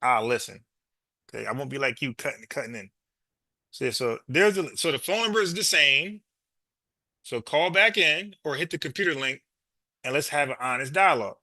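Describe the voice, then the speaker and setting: A man's voice: medium pitch, expressive, normal speed, pauses often, pushed and bright, no room sound, clean studio sound. A man hosting a podcast, arguing with a caller, repeating his points and calling him bro. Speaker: podcast host. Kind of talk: heated call-in debate.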